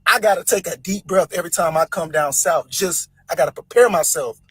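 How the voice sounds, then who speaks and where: Southern man, blunt profane rant, high husky voice, dry sound. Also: a little fast, fairly bright tone, no echo. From American South. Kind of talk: casual rant to camera.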